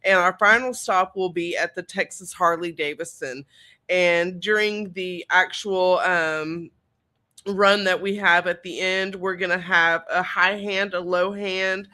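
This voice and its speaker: A woman's voice: on the low side, steady tone, a little slow, bright, forceful tone. A woman in a casual panel chat, steadily listing event details with fillers. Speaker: event organizer.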